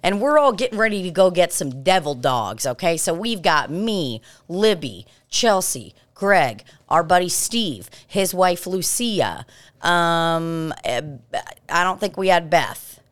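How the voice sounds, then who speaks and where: Low-voiced woman telling a wild story. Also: takes it slowly. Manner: animated and profane. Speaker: podcast host. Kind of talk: casual storytelling.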